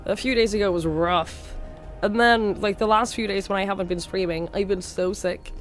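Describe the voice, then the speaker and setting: A young woman from Norway with a slight Norwegian accent, speaking hoarsely while sick, chatting casually on a live stream and thanking viewers by name. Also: medium pitch, steady tone, moderate pace, soft background music. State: hoarse, sick with a sore throat.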